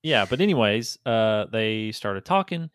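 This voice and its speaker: Male game master, smooth and low, rambling recap. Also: expressive, measured pace, a bit bright, dry recording. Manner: rambling, filler-heavy recap. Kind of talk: casual tabletop game recap and narration.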